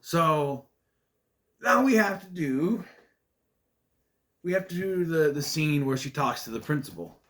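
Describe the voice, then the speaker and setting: A man casually reviewing a comedy movie on his own, animated and laughing at the jokes, jumping into high voices to mimic lines. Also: unhurried, long pauses.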